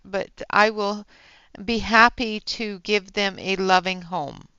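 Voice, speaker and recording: A woman hosts a coloring livestream and chats slowly and easily with her viewers, with lots of fillers and laughter. Her voice is bright and clear with a gravelly edge. The sound is dry and a little dull. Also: mid-range voice, no room sound. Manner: chatty, reads and answers chat, laughs often, many fillers. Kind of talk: casual livestream chat while coloring.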